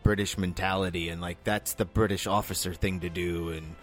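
Man, podcast co-host, earnest, lowish voice, faint music. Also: fairly even intonation, brisk. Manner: earnest, arguing a point. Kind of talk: casual chat.

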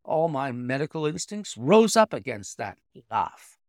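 A man reading a classic story aloud in expressive, dramatic narration. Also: medium pitch, measured pace, dry recording, clean studio sound. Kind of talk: scripted audiobook narration.

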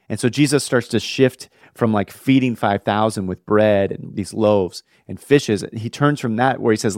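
A man's voice: mid-range voice, normal speed, darkish tone, dry recording, clean studio sound. A young man, a pastor and podcast host, telling a personal story in a casual, slangy way full of "bro" and "dude".

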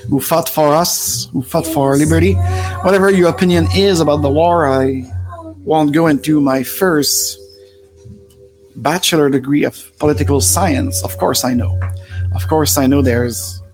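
A man's voice: fairly high pitch, normal speed, music in the background. French-Canadian man hosting a livestream. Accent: Quebec French. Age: 40s. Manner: rambling, many fillers and restarts. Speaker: livestream host. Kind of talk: rambling live-stream talk.

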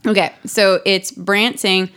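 A woman co-hosting a podcast in casual chat, talking in quick asides and laughing often. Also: mid-range voice, little pitch movement, fairly bright tone, clean tone. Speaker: podcast co-host.

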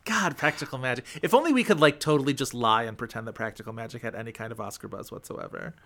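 A man's voice: mid-range voice, fast, fairly bright tone. A man hosting a film podcast in casual chat, talking loosely with lots of fillers and easy laughs. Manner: chatty, lots of "like", laughs easily. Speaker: podcast host.

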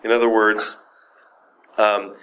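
A man's voice: lowish voice, slow pace, a little hiss or hum. Chatty man teaching a Talmud story. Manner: conversational, many fillers and "right?" checks; lively, acts out the quoted speakers. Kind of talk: informal Talmud class.

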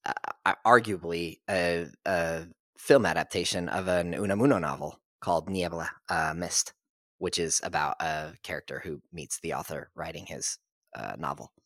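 A man's voice: sits low, normal speed, no echo, studio quality. A man guesting on a podcast in casual chat, telling stories with acted-out quotes and frequent laughs. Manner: animated storyteller who laughs often and acts out quotes.

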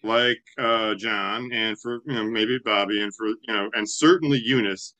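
A man's voice: on the low side, fairly even intonation, normal speed, sharp tone, dull audio. A man in a casual panel discussion, making dry, wry asides. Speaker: podcast panelist.

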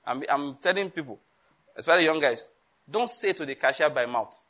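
A man with a Nigerian accent preaching a sermon, animated, acting out voices and laughing often. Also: fairly high pitch, a little fast. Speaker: pastor.

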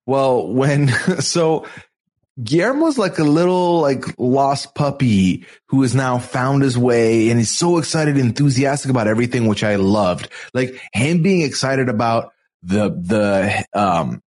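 Lively, chatty male podcast host. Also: medium pitch, unhurried. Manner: animated, chatty, self-deprecating. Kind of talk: casual chat.

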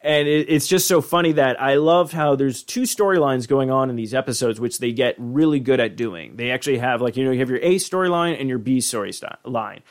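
A man's voice: medium pitch, a little fast, few pauses. Rambling, profane male podcast host. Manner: rambling, profane, frequent restarts. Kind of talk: casual chat.

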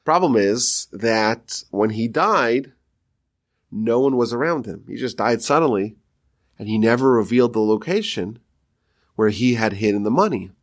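A man, a rabbi, teaching a Talmud story with animated storytelling and quoted voices. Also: mid-range voice, unhurried.

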